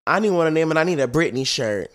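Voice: mid-range voice, expressive, fast. A young adult podcast co-host in casual chat, playful and slangy, swearing freely.

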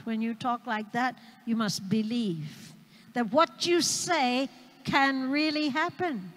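A woman's voice: fairly high pitch, a bit bright. A woman missionary evangelist preaching a sermon, emphatic and repeating key phrases for the congregation. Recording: long hall reverb.

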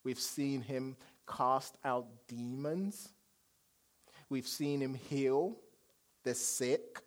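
Slow, dramatic male pastor preaching. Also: medium pitch, fairly even intonation. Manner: storytelling with dramatic swings from loud to hushed. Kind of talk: sermon.

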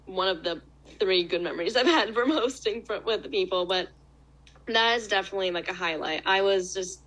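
A woman's voice: mid-range voice, fairly quick, a bit bright, poor audio. A young adult woman, a former restaurant hostess, telling a story in casual chat and laughing through her words.

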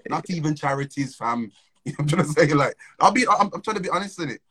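A man's voice: fairly high pitch, expressive, brisk, a bit bright, slightly rough, rough recording. A young man, telling a story in casual, slang-filled chat and laughing between phrases. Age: young adult.

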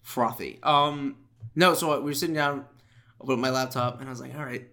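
A man's voice: mid-range voice, steady tone, a little fast, sharp tone. A man hosting a podcast, telling a rambling story and joking in casual chat. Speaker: podcast host.

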